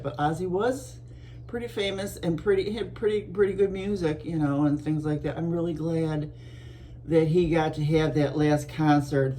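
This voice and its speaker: A middle-aged woman from Buffalo, New York, chatting casually to her viewers as an art vlogger, rambling along with soft laughs and restarts. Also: sits low, slight background noise. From Buffalo, New York, USA.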